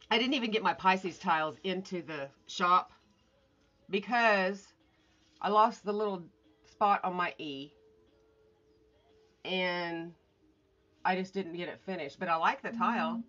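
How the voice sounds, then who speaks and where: A woman's voice: low-pitched, sharp tone. A woman chatting casually and scattershot on a morning livestream from home, greeting viewers and swearing offhand. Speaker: artist livestreaming. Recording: dull lo-fi phone audio.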